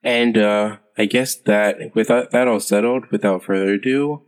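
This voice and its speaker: A man's voice: lowish voice, steady tone, natural voice. A man playing a weary stately king. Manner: halting, stately speech with many fillers. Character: formal male human king, weary. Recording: long hall reverb.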